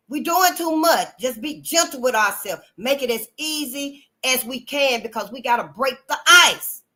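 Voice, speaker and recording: Frank, bright-voiced woman host. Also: high voice, animated, normal speed, hardly any pauses. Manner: frank, earthy and emphatic, calls listeners honey and y'all. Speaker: channel host. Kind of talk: casual monologue to viewers.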